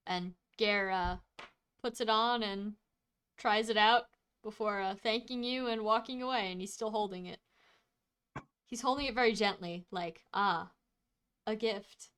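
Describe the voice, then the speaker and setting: A woman's voice: medium pitch, moderate pace, a bit bright, clear, resonant tone. A woman narrating as game master of a tabletop game, easygoing and prone to giggling.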